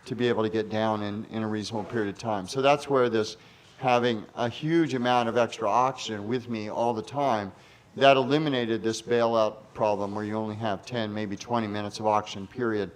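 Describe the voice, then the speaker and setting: A man's voice: on the low side, steady tone, brisk. A man in his fifties, an interview guest, telling a rambling anecdote. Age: 50s. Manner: rambling, many fillers and restarts.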